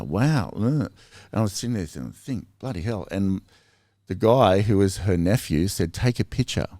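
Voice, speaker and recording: A man with an Australian accent, telling stories in a casual podcast chat, rambling and animated with lots of fillers. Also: sits low, dry recording, studio quality.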